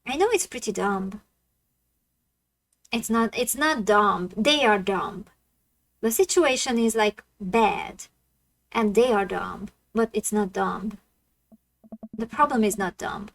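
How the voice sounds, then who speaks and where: A woman's voice: mid-range voice, takes it slowly, vocal fry, poor audio. A woman streaming a dating sim, reacting bluntly and swearing often in casual gaming commentary.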